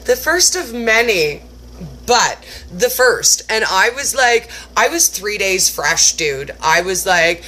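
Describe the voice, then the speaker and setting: A woman's voice: medium pitch, big pitch swings, slow pace, long pauses, bright, forceful tone, a little hiss or hum. A woman hosting a cooking video from her kitchen, telling a story in a casual, self-mocking way and laughing often, then demonstrating a snack. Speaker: cooking channel host. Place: home kitchen.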